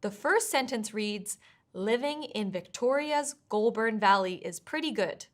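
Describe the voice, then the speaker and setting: A woman with a fairly high voice gives scripted test prep lessons. She speaks in a clear, measured, encouraging way, walking through each tip step by step. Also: animated. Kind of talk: scripted instructional narration.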